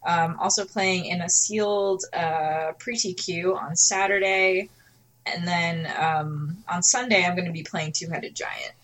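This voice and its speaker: A woman's voice: lowish voice, fairly even intonation, a little slow, fairly bright tone, slight background noise. A woman chatting casually in an upbeat way. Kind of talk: casual chat.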